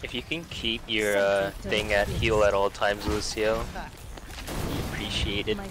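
A man's voice: lowish voice, level tone, measured pace, over music. Bantering man on game voice chat. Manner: bantering, calling out plays. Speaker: teammate.

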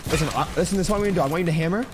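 A young man streaming gameplay, brash and taunting, swearing constantly as he narrates his fights. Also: rapid-fire. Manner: brash, taunting, swears constantly, swings between loud and low. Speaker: gaming streamer. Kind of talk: trash-talking live gameplay commentary. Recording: noisy stream audio with gunfire.

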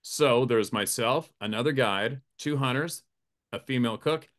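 A man who works as a hunting guide, telling a profane, animated campfire story, laughing often and acting out the quotes in a raised voice. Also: mid-range voice, normal speed. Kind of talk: casual storytelling. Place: campfire outdoors.

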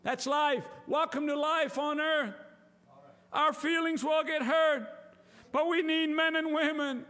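A man pastor preaching an impassioned sermon in a church, rising to shouts at times. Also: extremely high pitch, steady tone, slow, long reverb tail.

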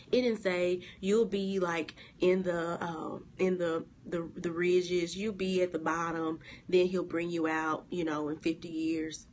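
A woman's voice: measured pace, few pauses, a little hiss or hum. A woman hosting a devotional livestream, preaching with emphatic repetition and reading viewers' comments aloud. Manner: preachy, emphatic, repeats key words, big pitch swings. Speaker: blog host.

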